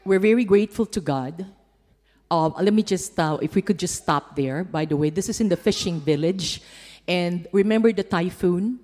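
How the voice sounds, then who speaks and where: A woman's voice: fairly low pitch, normal speed, a little mellow, long reverb tail. A woman giving a heartfelt church testimony about mission work while showing slides, her storytelling emotional and sincere.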